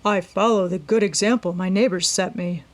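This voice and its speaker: A woman's voice: mid-range voice, steady tone, normal speed, close to an everyday voice. Lady playing a chipper teen boy next door, breezy, storybook. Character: cheerful teenage neighbor boy.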